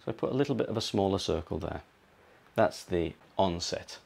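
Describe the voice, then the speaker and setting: Low-voiced british guy teaching english sounds, says words over and over. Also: animated, creaky, darkish tone. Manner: explains slowly, repeats and models words. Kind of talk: pronunciation lesson.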